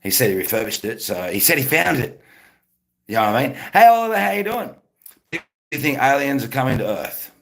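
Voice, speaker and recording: Streamer, male, rambling casual chat, gravelly fry in the voice. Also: mid-range voice, sing-song, brisk, fairly bright tone. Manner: rambling, talks to chat viewers by name.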